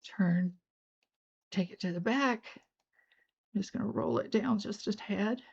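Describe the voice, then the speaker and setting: A woman's voice: mid-range voice, a little slow, vocal fry, breathy edge, highs cut off. An older woman with a Southern accent, chatting folksily as she demonstrates jewelry making. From North Georgia. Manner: folksy, chatty, talks while working. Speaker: beading channel host. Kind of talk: crafting tutorial narration.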